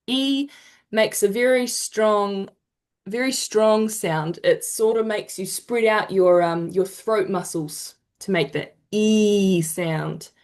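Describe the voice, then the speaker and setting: New woman, online workshop presenter, warm praise, slow drawn-out demo sounds, video-call audio. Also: mid-range voice. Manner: encouraging, drawn-out demonstration sounds. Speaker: te reo Māori workshop presenter. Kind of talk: online teaching session.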